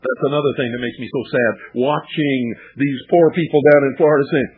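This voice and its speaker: A man's voice: medium pitch, steady tone, fairly quick, few pauses, husky. A man hosting political talk radio, lecturing indignantly and firing off rhetorical questions. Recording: tinny lo-fi archived radio broadcast.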